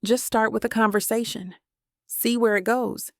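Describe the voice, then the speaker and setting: A woman voicing an insistent adult woman friend who coaxes firmly and gently in an audiobook. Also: a little high, steady tone, normal speed, dry recording, clean studio sound, natural voice. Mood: pleading. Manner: firm, coaxing.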